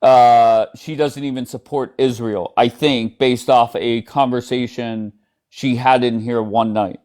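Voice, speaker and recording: A man's voice: mid-range voice, steady tone, a little slow, darkish tone. A man hosting a casual live stream, giving blunt, opinionated takes in a conversation with a guest. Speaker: livestream host.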